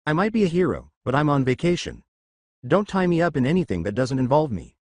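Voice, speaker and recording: Guy doing a calm young american hero cop, dry wit, lively tone, dead dry sound. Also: a little high, a little fast, dry recording. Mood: wary.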